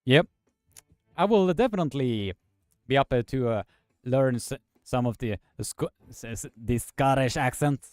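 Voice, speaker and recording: A man hosting a live stream, commentating and chatting with viewers in a halting, filler-heavy way. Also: medium pitch, lively intonation, darkish tone, dry recording, clean studio sound.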